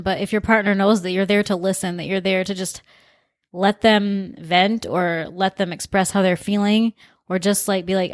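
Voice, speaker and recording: A woman's voice: medium pitch, dry recording, clean studio sound. A woman co-hosting a relationship podcast, speaking in a caring, conversational way. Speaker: podcast co-host. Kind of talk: casual advice talk.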